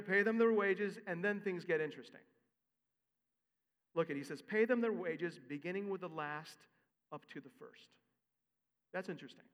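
A man preaching a sermon as a pastor, with an expressive, conversational delivery. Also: sits high, big-room sound.

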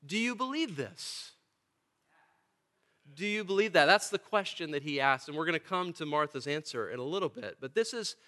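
A man's voice: fairly high pitch, sharp tone. A man preaching a sermon as pastor, emphatic and fond of repeating key phrases for stress.

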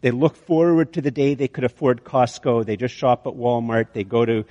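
Preacher in an echoing hall. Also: male voice, mid-range voice, normal speed, dull audio. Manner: storytelling, animated with many restarts. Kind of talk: sermon illustration. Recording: long hall reverb.

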